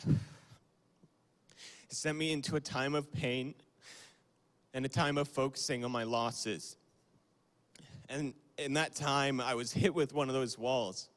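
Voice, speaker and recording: A man's voice: mid-range voice, fairly even intonation, a little slow, pauses often, fairly bright tone. A young man giving a casual, conversational youth sermon on a livestream, with fillers and small apologies. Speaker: youth speaker. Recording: long hall reverb.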